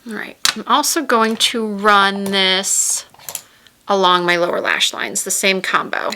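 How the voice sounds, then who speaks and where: A woman's voice: medium pitch, unhurried, pushed and bright, a little hiss or hum. A woman chatting casually as she tries new makeup on camera, narrating each step as she goes. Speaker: beauty vlogger. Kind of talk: casual makeup tutorial chat. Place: home room with a window.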